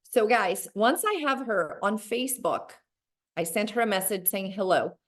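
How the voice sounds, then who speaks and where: A woman giving a motivational sales training on a video call, animated and acting out conversations in a bright higher voice. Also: moderate pace. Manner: animated, acts out dialogue in a bright high voice.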